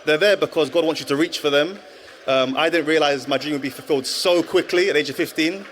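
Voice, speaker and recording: A former footballer in his thirties appears as a guest in a live stage interview, giving testimony about his life in an earnest, reflective manner with frequent restarts. His voice is fairly high, fast and a bit bright, with a little hiss or hum.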